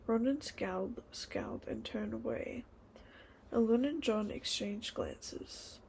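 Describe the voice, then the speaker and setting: A woman reading a children's novel aloud in a hushed, breathy whisper. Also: mid-range voice, huge pitch swings, slow, a little hiss or hum, low-quality recording. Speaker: storybook reader.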